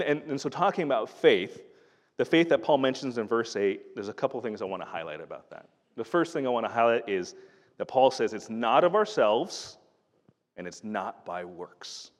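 A middle-aged man preaches in an earnest, conversational style, stumbling over restarts as he talks. His voice sits at an ordinary pitch, and a long reverb trails each phrase as if in a large hall. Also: lively intonation, normal speed. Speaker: pastor. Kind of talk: sermon.

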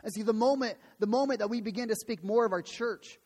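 Man pastor preaching, earnest and emphatic, high voice, church echo. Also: fast, a little mellow. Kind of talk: sermon. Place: church sanctuary. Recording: long hall reverb.

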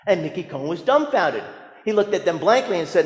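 Male pastor delivering a sermon, storyteller who drops quiet then hits hard; roomy church reverb. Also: high-pitched, very animated, fairly quick. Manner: storytelling preacher, swings from hushed asides to emphatic lines.

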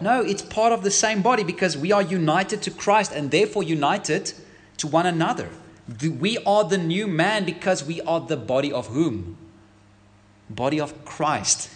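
A man preaching a sermon as a pastor, emphatic, asking the congregation rhetorical questions. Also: a little high.

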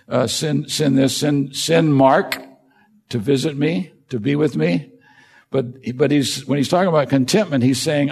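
A man's voice: mid-range voice, creaky, darkish tone, slightly rough. A man preaching a sermon as pastor, emphatic and firing rhetorical questions at his listeners. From United States.

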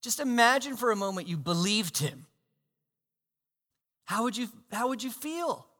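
A man preaching a sermon as pastor, animated, swinging between loud emphasis and hushed asides. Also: high-pitched, measured pace. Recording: long hall reverb.

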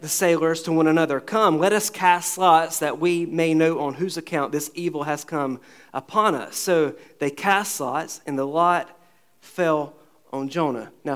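Earnest preaching man, slightly high voice. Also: clear, resonant tone. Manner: earnest preaching with rhetorical questions, acting out scripture dialogue. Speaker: pastor. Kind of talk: sermon.

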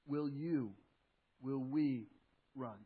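A man preaching a sermon as pastor, animated and acting out what people say, often repeating his phrases. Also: mid-range voice, very slow, husky, phone-quality sound. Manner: animated, acts out quoted speech, repeats phrases.

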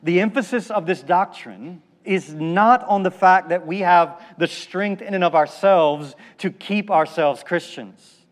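High-voiced man preaching with emphatic repetition. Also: unhurried. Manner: preaching with emphatic, rhythmic repetition and dramatic drops to a hushed voice. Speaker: pastor. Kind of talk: sermon.

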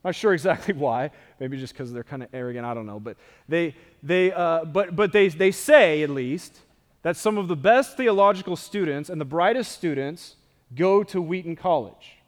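A man with a high-pitched voice delivers a sermon, reading scripture and then talking it through in a conversational, animated way. His voice rings out in a hall with long reverb. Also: normal speed. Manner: conversational, animated preaching with asides. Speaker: pastor.

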